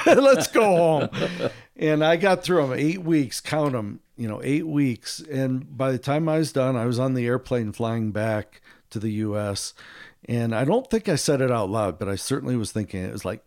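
Animated American man telling stories. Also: moderate pace, dry recording, studio quality. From United States. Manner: animated storyteller, acts out quotes with big pitch jumps. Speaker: guest, ministry author. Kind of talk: storytelling in a podcast interview.

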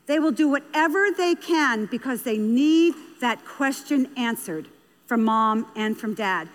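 With a slightly high, animated voice and an unhurried pace, a parenting speaker earnestly shares an anecdote in a storytelling talk before an audience. She repeats key phrases for emphasis, and long hall reverb fills the recording.

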